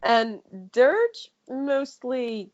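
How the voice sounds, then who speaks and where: A woman's voice: high voice, expressive, drawn-out words, darkish tone. A woman artist guesting on a podcast, chatting casually and painting while she talks. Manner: chatty, laughs often, painting while talking. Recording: dull, muffled sound.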